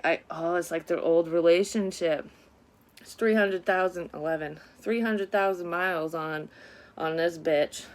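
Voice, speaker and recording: A woman with a slightly low voice rambles through a psychic reading for her audience. She talks in loose, unplanned bursts, sighing and dropping curse words as casually as fillers. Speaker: psychic medium doing a reading. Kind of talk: casual spoken reading to viewers.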